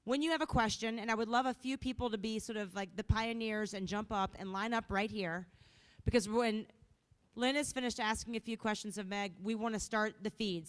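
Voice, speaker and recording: Bubbly woman emceeing a conference. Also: fairly high pitch. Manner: bubbly and playful, lively delivery. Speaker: event emcee. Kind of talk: energetic stage hosting. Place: conference hall.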